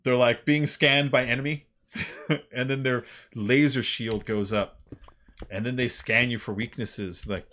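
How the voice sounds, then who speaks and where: A man streaming a game, chatting casually in a rambling, animated way with lots of fillers and laughs. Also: mid-range voice, measured pace, a little hiss or hum. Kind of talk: casual chat while playing a game.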